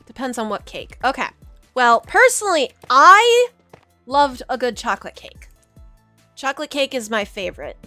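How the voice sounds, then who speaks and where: A woman's voice: high voice, very animated, moderate pace, bright, forceful tone, dry recording, faint music behind. A young adult woman streamer chatting casually to her viewers, giggly and rambling, often restarting her sentences. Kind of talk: casual livestream chat with chat.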